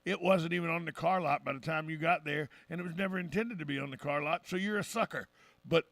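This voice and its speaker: Gravelly, brisk talk radio host. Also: male voice, fairly high pitch, a bit bright, dry recording. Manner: brisk, folksy, opinionated. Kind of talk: casual radio chat. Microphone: studio microphone.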